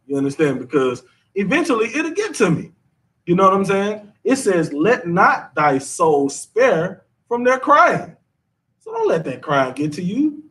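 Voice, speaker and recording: Guy teaching bible class, high voice, loose slangy talk, mic far away. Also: a bit bright. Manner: conversational, repeats himself, drawling slang.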